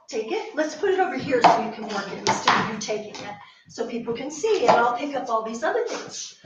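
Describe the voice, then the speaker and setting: A woman who handles a search and rescue dog, giving short commands and warm praise and explaining each training exercise. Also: fairly high pitch, lively intonation, fairly quick, dull audio. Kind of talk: training demonstration with running explanation. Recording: very echoey room, mic at a distance, faint noise.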